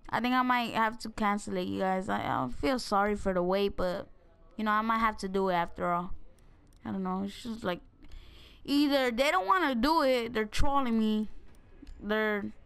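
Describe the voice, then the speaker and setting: A young woman giving casual, excitable gameplay commentary, joking and talking straight to her viewers. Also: a little high, clear, resonant tone. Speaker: gaming video creator.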